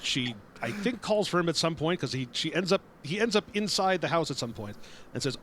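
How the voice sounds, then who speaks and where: A man's voice: a little high, animated, brisk, background noise. A man improvising a story for friends on a call, often laughing and correcting himself. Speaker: player telling the story.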